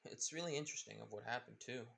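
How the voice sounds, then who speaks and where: A man voicing an earnest young male hero who speaks hesitantly and softly in a fan-made story. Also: mid-range voice, quick pace, vocal fry, slight background noise. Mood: reassuring.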